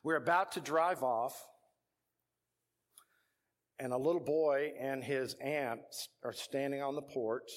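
A man's voice: mid-range voice, fairly even intonation, slow, pauses often. A middle-aged man with a Texan accent, a pastor telling a story from the pulpit as a sermon, acting out the voices of the people in it.

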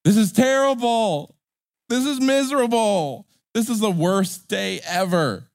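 A man's voice: sits high, measured pace, darkish tone, no echo, studio quality, voice pushed up. A man doing a dramatic little boy. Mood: miserable. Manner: exaggerated, overblown. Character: little boy in a checkout line, moody and dramatic.

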